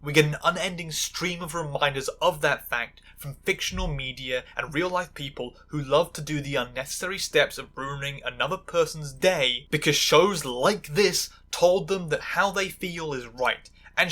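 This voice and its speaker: A woman's voice: deep voice, moderate pace, few pauses, fairly bright tone. A woman giving sarcastic video essay commentary, full of stammering restarts and angry asides.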